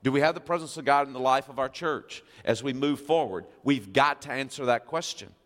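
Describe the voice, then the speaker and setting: A man's voice: mid-range voice, brisk, fairly bright tone, big-room sound. A male pastor preaching a sermon, reading scripture and asking the congregation questions with emphasis.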